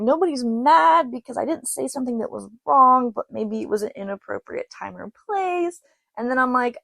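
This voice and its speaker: A young adult woman hosting a podcast, chatting casually and laughing often as she tells stories and quotes others in quick asides. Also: fairly high pitch, gravelly, no echo. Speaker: podcast host. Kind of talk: casual solo podcast storytelling.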